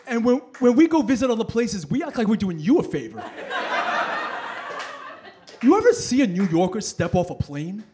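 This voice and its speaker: A man doing a loud, animated stand-up set in the back room of a bowling alley, working the crowd. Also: sits high, moderate pace, pauses often, noisy background. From New York. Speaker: stand-up comedian.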